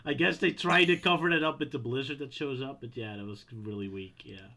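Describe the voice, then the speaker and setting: A man's voice: mid-range voice, brisk, pushed and bright. A man co-hosting a podcast, chatting casually and picking apart a cartoon's clumsy writing. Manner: puzzled, critical, laid-back remarks. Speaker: podcast co-host. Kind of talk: casual chat.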